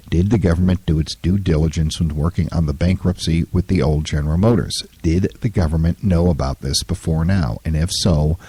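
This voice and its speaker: A man in his fifties hosting a solo talk show, his throat scratchy and hoarse, talking in an opinionated, rambling way full of fillers. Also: extremely low pitch, warm tone, no echo. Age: 50s. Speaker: podcast host.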